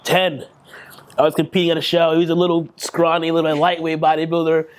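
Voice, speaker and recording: A man's voice: fairly high pitch, completely flat delivery, fairly quick, clear, resonant tone. A man in his thirties giving a candid, emotional interview as a bodybuilding champion. He swears freely and often restarts his sentences. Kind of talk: candid post-victory interview.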